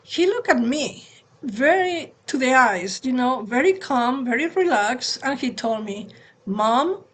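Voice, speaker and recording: A woman co-hosting a spiritual talk on parenting, speaking in a gentle, conversational way over a video call. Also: sits high, expressive, unhurried. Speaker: satsang co-host and parent.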